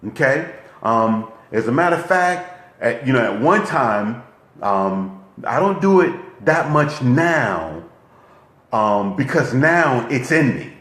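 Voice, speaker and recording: A man's voice: mid-range voice, slow pace, roomy sound. A man giving a motivational coaching talk, who keeps checking in with his listeners. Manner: lively, repetitive, checks in with "okay?". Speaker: relationship coach.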